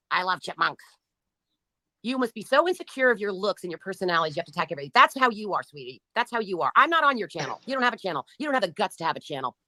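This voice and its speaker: A woman's voice: on the low side, pushed and bright, no room sound. A woman hosting a livestream who reads out chat comments and answers them in a mocking, profane and taunting way. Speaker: livestream host.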